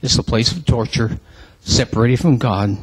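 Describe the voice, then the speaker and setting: A man reciting a dramatic religious poem in church, emotional and pleading, with a husky voice. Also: medium pitch, normal speed. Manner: emotional, pleading, rising to cries.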